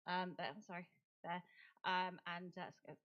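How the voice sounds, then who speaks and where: A woman's voice: lowish voice, completely flat delivery, normal speed. Woman, middle-aged, conference talk, chatty, laughs often, muffled lo-fi sound. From United Kingdom. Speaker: conference speaker and advocate. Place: conference venue.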